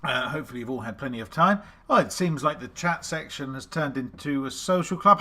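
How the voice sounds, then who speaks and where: A man's voice: mid-range voice, lively intonation, fairly quick, hardly any pauses, sharp tone. A man hosting a live-streamed quiz, chatty and self-deprecating, greeting viewers by name and reading out scores and questions. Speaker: online quiz host.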